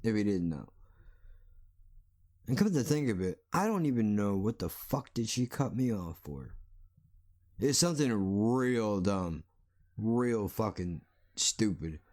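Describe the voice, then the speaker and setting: A man's voice: fairly low pitch, big pitch swings, unhurried, long pauses, a little mellow. A man hosting a solo podcast, ranting bluntly and sarcastically with plenty of swearing. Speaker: podcast host.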